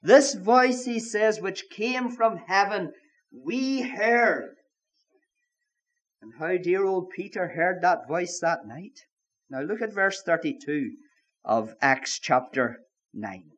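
A man's voice: high-pitched, expressive, slow pace, fairly bright tone. A man preaching a sermon with emphasis, repeating his key phrases.

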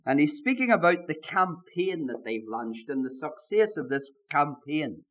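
A man preaching a sermon at a church service, fervent, stretching out words for emphasis and rising to loud shouts, with strings of rhetorical questions. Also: on the high side, big pitch swings, measured pace.

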